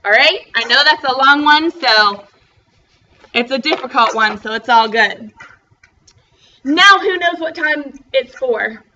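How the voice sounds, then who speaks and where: A young woman teaching a first grade class over a video call, slowly spelling out words in a bubbly, encouraging way. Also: sits high, bright, forceful tone, dull audio, a little hiss or hum. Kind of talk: online class lesson.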